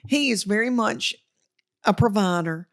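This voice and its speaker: A woman's voice: mid-range voice, unhurried. A middle-aged woman from Tennessee with a Southern accent, a comedian telling folksy family stories as a podcast guest. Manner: folksy, animated, acts out family quotes. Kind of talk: storytelling interview chat.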